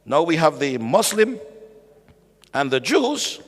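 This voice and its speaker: A man preaching at a bible study, animated, calling out to the congregation and acting out voices. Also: fairly high pitch, slow pace. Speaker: pastor. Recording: echoey hall.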